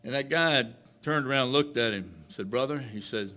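A man preaching a sermon, slow and emphatic, rising to loud declarations and dropping to hushed phrases. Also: mid-range voice.

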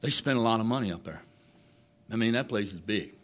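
A man preaching a sermon, slow and emphatic, rising to loud declarations and dropping to hushed phrases. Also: lowish voice, expressive.

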